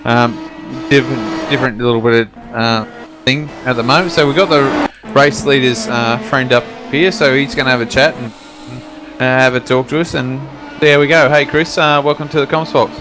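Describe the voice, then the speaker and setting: Chatty stream host. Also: male voice, medium pitch, fairly even intonation, normal speed. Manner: chatty, filler-heavy, easygoing. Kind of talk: casual livestream commentary. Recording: background music on stream.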